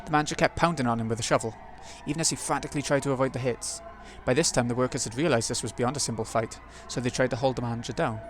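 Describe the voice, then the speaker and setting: A man's voice: medium pitch, fairly even intonation, rapid-fire, hardly any pauses, music in the background. Man reading a visual novel aloud. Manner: reads narration steadily, muttering asides to himself between passages. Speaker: let's play host.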